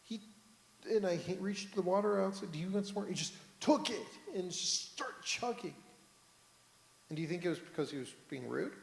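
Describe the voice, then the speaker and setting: Casting: male rabbi, fairly high voice, lively sermon storyteller, echoing synagogue hall. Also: normal speed, vocal fry. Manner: storytelling, asks the congregation questions. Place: synagogue sanctuary, on the bima. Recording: echoey hall, roomy reverb.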